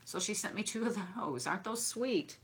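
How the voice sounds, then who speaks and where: A woman's voice: mid-range voice, animated, moderate pace, fairly bright tone, husky. A woman, chatting casually and effusively to her viewers while unboxing gifts they sent her. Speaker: craft and decor vlogger.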